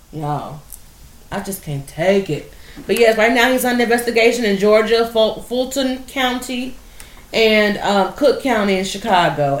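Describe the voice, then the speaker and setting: A woman hosting a podcast, telling a story in a casual, emotional, animated way. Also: mid-range voice, reverberant. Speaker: podcast host.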